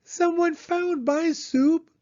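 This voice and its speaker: A man voicing a little girl polar bear cub in a high, squeaky voice for a storybook read-aloud. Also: fairly even intonation, slow, a little mellow, dull audio. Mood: upset.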